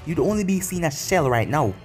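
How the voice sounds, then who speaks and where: A man's voice: on the high side, expressive, fairly quick, darkish tone, soft background music, lightly acted. A man reading as a proud young emperor. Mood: intense. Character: young male emperor, proud, grieving, fierce.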